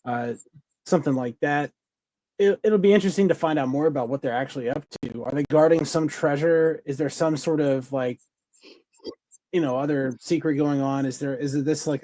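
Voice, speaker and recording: A podcast co-host rambles through a casual review chat, enthusiastic and full of fillers and restarts. His pitch is fairly high, his tone dark, and there's no echo.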